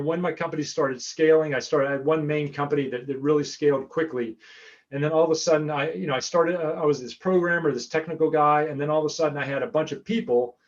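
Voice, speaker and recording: A man from the United States presents a webinar as a guest over a remote call, his voice a little high. The audio is dull. He talks chattily and keeps repeating words as he finds his way.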